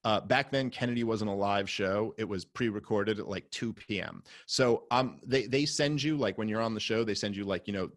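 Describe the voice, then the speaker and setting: Swearing freely and leaning on fillers, this podcast guest spins a story at normal speed with hardly any pauses, his low-ish voice sometimes flaring into loud, angry bursts. The studio-quality recording is dry.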